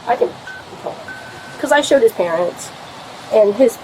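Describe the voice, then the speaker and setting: A woman's voice: fairly high pitch, animated, unhurried, dark tone, slight background noise, rough recording. Rambling, foul-mouthed young woman. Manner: rambling, heavy swearing, many fillers. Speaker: complainant speaking to police. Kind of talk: rambling account of a domestic fight. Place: at a house. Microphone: police body camera.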